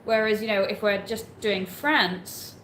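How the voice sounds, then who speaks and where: A woman's voice: medium pitch, a little slow, a bit bright. A woman co-hosting a live travel chat, talking casually with lots of hedging and reading out questions from viewers. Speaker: co-host of a travel livestream. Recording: echoey room with faint background noise.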